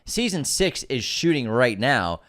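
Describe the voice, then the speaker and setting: A man's voice: mid-range voice, sing-song, a little slow, a bit bright. A man co-hosting a podcast, chatting casually about movie news with enthusiasm and frequent restarts. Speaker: podcast co-host.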